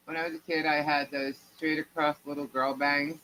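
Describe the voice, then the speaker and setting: A woman's voice: low-pitched, flat delivery, moderate pace, pushed and bright, a little hiss or hum, poor audio. A middle-aged woman co-hosting a live stream, telling a long family story in a rambling, chatty way and laughing between sentences. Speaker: livestream co-host.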